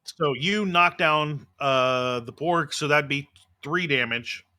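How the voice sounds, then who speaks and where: Need a male game master with a slightly high, bright voice, methodical and filler-heavy at the table. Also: slow. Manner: methodical, explains rules with many fillers.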